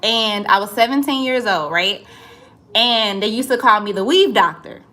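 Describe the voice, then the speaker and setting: A woman from St. Louis, a livestream host and entrepreneur, chats casually with viewers, greeting them by name and calling them y'all. Her mid-range voice is bright and forceful, at a moderate pace.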